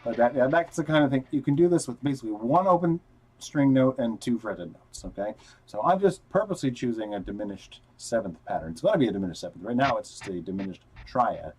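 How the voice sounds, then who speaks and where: This fast-talking man has an animated, mid-range voice, slightly mellow and husky, in a low-quality recording. In a casual live guitar lesson, he explains technique step by step and counts notes as he plays, wearing headphones with a wired mic, guitar audible behind him.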